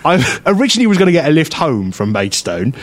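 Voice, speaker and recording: A man hosting a radio show, telling a story in casual chat, animated and quick to laugh. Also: a little high. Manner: animated storyteller who acts out other people's voices and laughs often. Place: radio studio.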